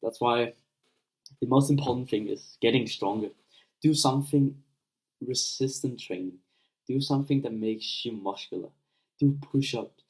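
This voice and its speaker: A man's voice: medium pitch, moderate pace, long pauses, darkish tone, poor audio. A young man giving blunt, unscripted advice to viewers, full of swearing and fillers, acting out little scenes as he talks. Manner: blunt, profane, filler-heavy, acts out scenes. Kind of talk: casual unscripted advice monologue.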